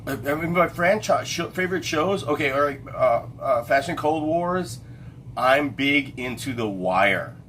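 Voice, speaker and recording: The livestream host, a middle-aged man, has a fairly high, fairly bright voice with lively intonation and a measured pace. His casual late-night chat rambles, with frequent pauses to find names and many fillers and restarts. Slight background noise sits underneath.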